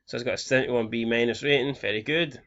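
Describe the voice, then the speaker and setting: A young man from Scotland talks through his game in a loose, profane way, reading out scores and ratings as he goes. His pitch sits in an ordinary middle range. The recording sounds slightly muffled and lo-fi. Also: fairly even intonation, fast, a bit bright. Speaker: game commentator. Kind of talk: casual let's-play commentary.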